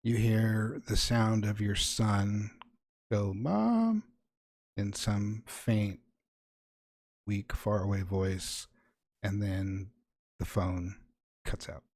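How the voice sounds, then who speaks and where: Low-voiced man running a horror game. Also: monotone, takes it slowly, long pauses, darkish tone. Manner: wry, improvised narration with playful asides. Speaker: game master. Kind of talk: narrating a tabletop horror game.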